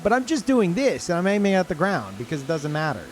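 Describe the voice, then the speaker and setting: Incredulous swearing male streamer, lively pitch. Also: fast, slight background noise. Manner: swearing, incredulous, jumps between loud outbursts and low mutters. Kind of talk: live gameplay commentary.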